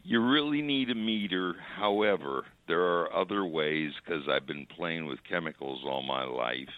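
An older man calling in to a chat show, explaining things in a formal, measured way. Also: deep voice, dry recording. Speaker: phone-in guest. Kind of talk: casual chat. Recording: tinny phone line.

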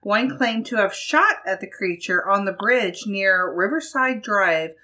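A woman's voice: medium pitch, lively intonation, a little slow, sharp tone. A woman from Ohio co-hosting a casual podcast, reading a news article aloud and laughing often. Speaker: podcast co-host.

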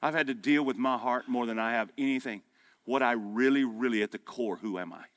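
A man in his fifties preaching a sermon, with punchy exhortation that drops to quiet storytelling. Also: medium pitch, brisk, dry recording. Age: 50s. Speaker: pastor. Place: breakfast meeting room.

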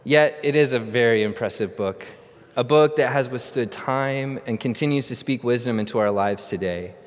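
A man's voice: mid-range voice, normal speed. A middle-aged man preaching a sermon, telling a funny childhood story with animation and then teaching earnestly. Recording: long reverb of a large hall.

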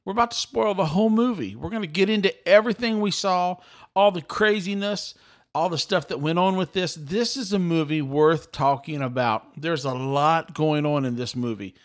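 A middle-aged man hosting a podcast in an animated, talkative way, often repeating and restarting his words. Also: fairly high pitch, moderate pace. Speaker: podcast host. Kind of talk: excited casual chat.

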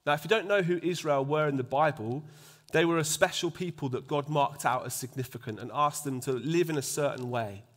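Speaking a little fast at a fairly high pitch, a man delivers a conversational sermon, often asking his congregation to agree and lowering his voice almost to a whisper to stress a point.

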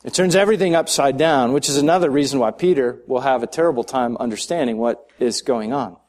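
A man giving a conversational sermon as pastor, thinking aloud with restarts and slowing down to stress key words. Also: mid-range voice, a little mellow. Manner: conversational and searching, with frequent restarts and asides.

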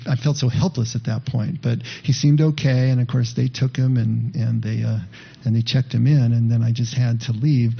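A middle-aged pastor preaches in a relaxed storytelling way and turns often to his congregation. His voice is gravelly and a little husky. The recording sounds slightly dull. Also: medium pitch. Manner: conversational, reflective storytelling with asides to the congregation. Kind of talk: sermon.

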